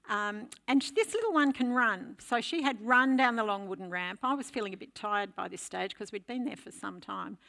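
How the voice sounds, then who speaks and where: An older woman giving a sermon, telling a lively story to make her point. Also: mid-range voice. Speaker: preacher.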